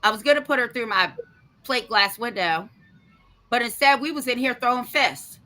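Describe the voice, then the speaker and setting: A woman in her fifties hosts a podcast and tells a story in a loose, casual chat. She is blunt and feisty, swears freely, and throws energy into every turn. Her voice is bright and sits a little high. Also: expressive, normal speed. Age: 50s. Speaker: podcast host.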